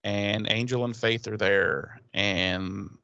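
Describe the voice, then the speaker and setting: A man's voice: lowish voice, steady tone, slow, sharp tone, dry recording, dull audio. A man co-hosting a podcast, recapping a TV episode in casual chat, rambling and swearing with laughs. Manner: rambling, profane, laughing storyteller. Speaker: podcast co-host.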